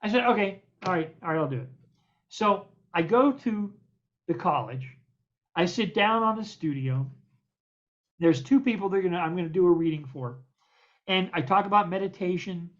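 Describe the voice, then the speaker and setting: Older American man spinning animated anecdotes. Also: high voice, normal speed, long pauses. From United States. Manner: animated, acts out the voices in his stories; stammers and repeats words. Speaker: guest poet. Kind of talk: anecdotal storytelling in an interview. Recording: dull lo-fi recording.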